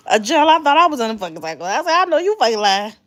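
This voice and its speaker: A woman in her late thirties hosts a casual live stream in a high, brisk voice with big pitch swings. She chats confidingly straight to her viewers, calling them "y'all" and "honey."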